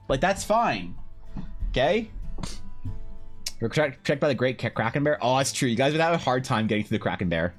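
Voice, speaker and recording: A man's voice: mid-range voice, big pitch swings, normal speed, pauses often, faint music behind. A man streaming while painting, trading crude joking banter with his chat. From Canada. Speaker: art streamer. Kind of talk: casual livestream chat.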